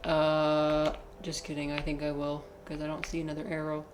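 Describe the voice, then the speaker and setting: A woman's voice: low-pitched, monotone, normal speed, reverberant, a little hiss or hum. A woman live-streaming a video game, chatting in a rambling, playful, self-mocking way. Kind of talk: casual live gaming commentary.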